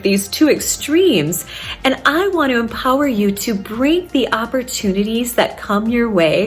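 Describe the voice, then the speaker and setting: A woman in her thirties, a family therapist sharing faith-based advice in an earnest, encouraging way. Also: medium pitch.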